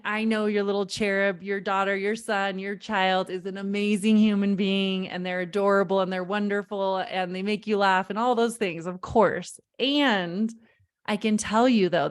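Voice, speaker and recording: Emphatic woman parenting coach. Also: mid-range voice. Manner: emphatic, repeats key phrases, addresses audience directly. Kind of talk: live online parenting workshop.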